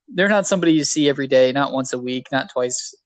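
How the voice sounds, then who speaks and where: A man co-hosting a casual podcast in a rambling, self-deprecating way. His voice sits at a middle pitch. The sound is dry and close to the mic. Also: brisk, no echo. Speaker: podcast co-host.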